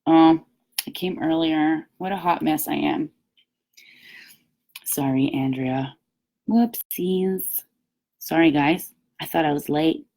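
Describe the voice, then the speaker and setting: A woman giving a live-streamed sales coaching talk as team leader, emphatic and upbeat, acting out little quoted chats. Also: deep voice. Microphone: webcam or phone, live stream.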